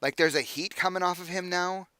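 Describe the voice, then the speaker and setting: A young adult man narrating as game master, casual and halting, with many fillers and restarts. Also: sits high, fairly even intonation, pushed and bright, no echo.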